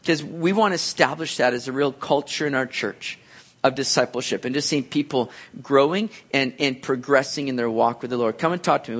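A man preaching a sermon as a pastor, in a conversational, animated way with many asides, often leaping up to act out reactions. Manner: animated, jumps into high voices to act out reactions.

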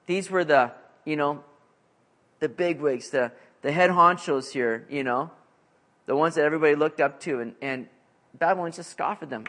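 A man preaching an expository sermon in a conversational, animated way, with frequent fillers. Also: a little high, moderate pace. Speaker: pastor.

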